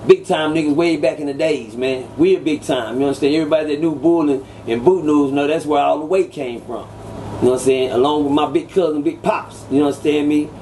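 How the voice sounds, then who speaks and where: A man telling old street stories as an interview guest, animated and acting out quoted voices. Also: fairly quick, a little hiss or hum. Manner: animated, acts out quoted voices with sudden pitch jumps. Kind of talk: casual storytelling.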